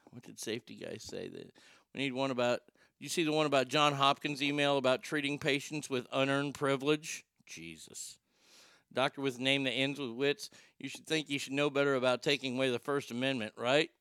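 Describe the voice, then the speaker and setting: A man's voice: mid-range voice, moderate pace, fairly bright tone, smooth, dry recording. A man hosting a comedy show, talking casually in a sarcastic, profane, rambling way. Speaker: host.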